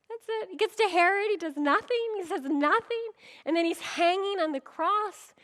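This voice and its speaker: A woman's voice: very high-pitched, lively intonation, unhurried, fairly bright tone. A middle-aged woman pastor giving a conference sermon, telling stories with humor and acting out quoted voices. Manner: humorous, with frequent laughs.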